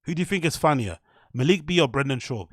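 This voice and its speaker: A man's voice: fairly high pitch, animated, quick pace, breathy edge, no echo, clean studio sound. Blunt British man hosting a stream. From United Kingdom. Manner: blunt, rambling, swears freely. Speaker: livestream host. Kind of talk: livestream reaction commentary.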